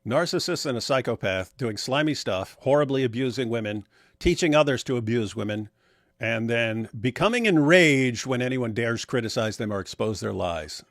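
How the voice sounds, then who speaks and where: A man's voice: mid-range voice, animated, normal speed, no room sound, studio quality. A middle-aged man hosting a casual live stream, blunt and sarcastic as he reads viewer comments. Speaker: livestream host.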